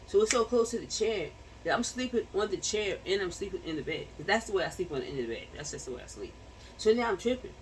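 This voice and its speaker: A woman's voice: mid-range voice, recorded from a distance, slight background noise, low-quality recording. Chatty slangy woman vlogging from home. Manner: chatty, slangy, laughs often. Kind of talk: casual chat to the camera. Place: home bedroom.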